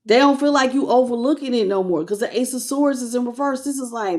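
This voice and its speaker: A woman's voice: on the high side, a little fast, a little mellow. Slangy, emotional woman tarot reader. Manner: emotional, slangy, talks straight to viewers. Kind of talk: casual tarot reading to camera.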